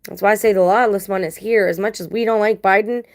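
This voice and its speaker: A woman's voice: mid-range voice, steady tone, fast talker. A woman vlogging casual commentary to her viewers, blunt and emphatic, talking straight to the audience. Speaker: video blogger.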